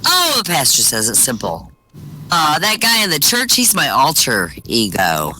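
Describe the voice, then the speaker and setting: A man doing stand-up, telling one-liners and short jokes with deadpan punchlines over voice chat. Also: on the high side, unhurried, slight background noise, rough recording. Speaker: stand-up comic. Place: virtual-world comedy venue, voice chat.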